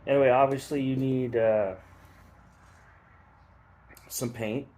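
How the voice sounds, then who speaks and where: A man's voice: mid-range voice, slow. A man casually explaining a do-it-yourself hobby project, rambling a bit and joking at his own expense. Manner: relaxed, rambling, self-deprecating asides. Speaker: hobbyist demonstrating skull hydro dipping. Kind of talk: casual how-to tutorial.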